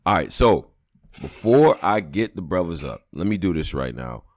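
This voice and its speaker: A man with a raspy voice, hosting a casual podcast in a laid-back way. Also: low voice, very animated, normal speed. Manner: laid-back, loose, many fillers. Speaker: podcast host.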